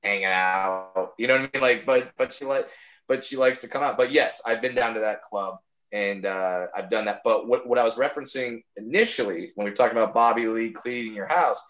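A man's voice: medium pitch, fairly quick, fairly bright tone. A male comedian chatting casually on a podcast, rambling and incredulous. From United States.

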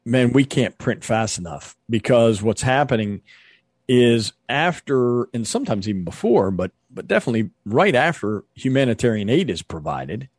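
A man, a ministry leader and guest, telling stories with earnest, animated energy in an interview. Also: medium pitch, moderate pace, husky, no echo, studio quality. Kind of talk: storytelling interview.

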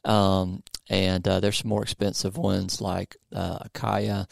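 A man's voice: sits low, level tone, a little slow, vocal fry. A man co-hosting a podcast, chatting casually with plenty of fillers and restarts. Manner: rambling, many fillers and restarts. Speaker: podcast co-host. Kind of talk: casual chat.

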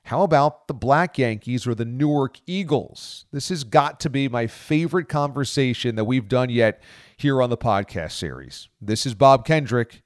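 A man's voice: medium pitch, expressive, normal speed, no room sound, studio quality. A man in his forties hosting a podcast, reading an enthusiastic intro and then chatting with his guest. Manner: enthusiastic, conversational. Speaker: podcast host. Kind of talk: scripted podcast intro and interview.

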